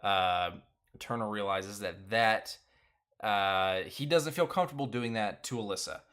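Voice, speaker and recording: A man's voice: fairly low pitch, a little slow, fairly bright tone, clear, resonant tone. A man hosting a casual live-stream recap, rambling with lots of fillers and restarts and laughing often. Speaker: show recap host.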